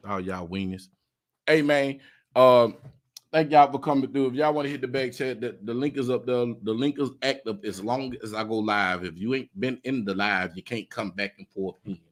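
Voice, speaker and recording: A man's voice: medium pitch, moderate pace. A man hosting a live stream panel, laid-back and drawling, giving heartfelt advice as he signs off. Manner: laid-back, drawling and preachy when signing off. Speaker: host of a live stream show. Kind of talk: casual panel chat and sign-off.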